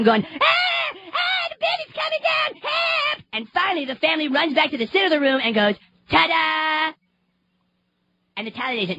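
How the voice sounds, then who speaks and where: A woman voicing a foul-mouthed cartoon boy who gleefully tells a long joke in a rapid, high-pitched rush. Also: bright, forceful tone, exaggerated voice. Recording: dull lo-fi clip played over the radio.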